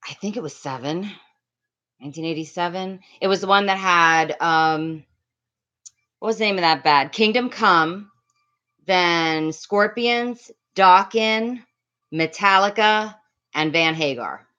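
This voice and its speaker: A middle-aged woman from the Miami area, speaking a little slowly in a fairly low, slightly bright voice, rambles through a casual story for her livestream chat. She's chatty and reads out viewer names, and the lo-fi recording is slightly dull.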